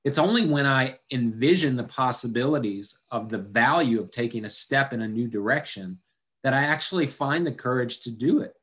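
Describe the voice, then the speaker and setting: A man delivers a sermon in a casual, conversational style, with a voice of middling pitch for a man. He keeps it personal and direct, and now and then acts out the people in the story with wry humor. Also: moderate pace, a bit bright. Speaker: pastor.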